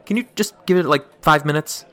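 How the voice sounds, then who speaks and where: An actor playing an easygoing, friendly burger blogger in a comedy audio drama. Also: male voice, fairly high pitch, brisk, a bit bright, lightly acted.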